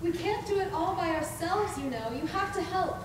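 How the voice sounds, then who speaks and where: Young actress as scatterbrained kindly fairy, school play, high-pitched, long hall reverb. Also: female voice, lively intonation, normal speed, background noise. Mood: gentle. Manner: gentle, coaxing. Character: kind, scatterbrained female mirror fairy. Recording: echoey hall, far off.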